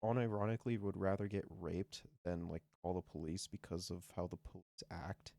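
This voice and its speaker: A man chatting casually on a stream, halting and restarting as he talks. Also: low-pitched, steady tone, mellow, dry recording, clean studio sound. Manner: halting, many fillers and restarts. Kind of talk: casual chat.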